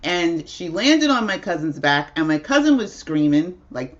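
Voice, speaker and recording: A woman's voice: lowish voice, big pitch swings, measured pace, muffled recording. A woman hosting a casual livestream at home, telling a rambling story with frequent laughs. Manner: chatty, rambling, laughs often. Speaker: livestream host.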